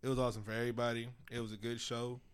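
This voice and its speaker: A man co-hosting a podcast in casual chat, animated and laughing, swearing freely. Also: mid-range voice, racing, smooth. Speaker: podcast co-host.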